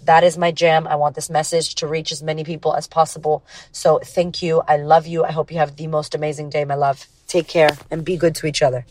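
A woman's voice: sits low, flat delivery, fairly quick, few pauses, a little mellow, a little hiss or hum. Blunt, profane podcast host woman. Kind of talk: casual motivational podcast monologue.

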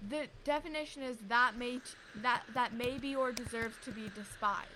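A young woman chats with a co-host in a bright, somewhat high voice, playful and teasing as her thoughts wander. A faint hiss of noise sits under the recording. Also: normal speed, poor audio. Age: young adult. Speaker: podcast co-host. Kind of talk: casual chat.

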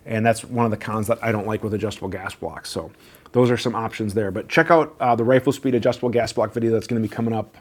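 A man hosting a question-and-answer show, talking in a relaxed, conversational way with frequent fillers and self-corrections. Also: on the low side, fast, breathy edge. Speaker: firearms Q&A show host. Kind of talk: casual question-and-answer talk.

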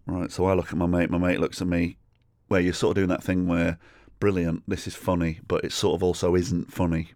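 A man with an English accent hosting a solo comedy podcast, telling a story in a sweary, chatty, animated way. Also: low-pitched, normal speed, no room sound, studio quality. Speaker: podcast host.

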